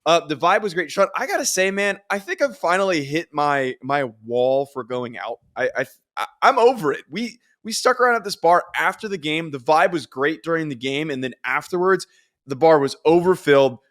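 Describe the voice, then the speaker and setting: A young sports podcast co-host with an expressive voice, on the high side and a bit bright, talks at normal speed. In casual chat, his self-deprecating stories ramble, with lots of restarts.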